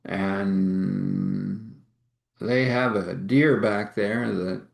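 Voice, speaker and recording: Gravelly man telling a spiritual story. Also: low-pitched, very slow. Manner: relaxed, laughing often. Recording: roomy echo.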